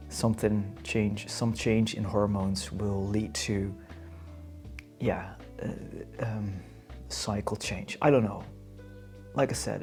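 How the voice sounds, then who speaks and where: A young man speaks English with a Dutch accent in a low, gravelly voice. He talks casually to camera, halting often as he searches for the right word. His delivery is unhurried and plain. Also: a little mellow. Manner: hesitant, halting, searching for words. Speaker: vlogger.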